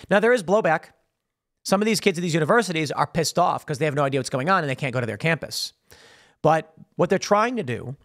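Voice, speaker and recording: A man delivers political commentary in a quick, animated monologue. His voice sits fairly high for a man. He mocks the people he talks about by mimicking them. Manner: fast animated talk with mocking put-on voices for quoted people.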